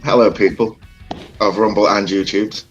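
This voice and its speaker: A man with a low voice chats loosely on a livestream. He rambles through his news with fillers and pauses. He greets viewers by name in an easy, chatty way. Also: fairly even intonation, highs cut off, soft background music. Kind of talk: casual chat.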